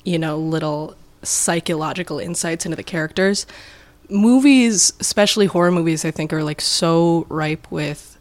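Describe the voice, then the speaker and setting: A woman's voice: low voice, normal speed. A young woman from Minnesota, a podcast guest, talking eagerly in casual chat with many likes and ums. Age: young adult.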